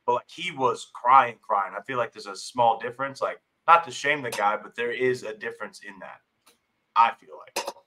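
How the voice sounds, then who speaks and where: A man on a sports podcast panel, giving a hesitant, measured opinion in casual chat. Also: medium pitch, bright, forceful tone, low-quality recording.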